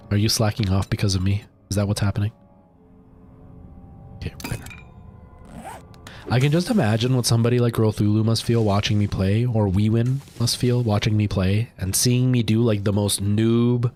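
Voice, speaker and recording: A man's voice: fairly low pitch, a little hiss or hum. A young man streaming a game live, chatting with his viewers and yelping in panic when attacked. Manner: chatty, jumps to loud panicked yelps in fights. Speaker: livestreaming gamer.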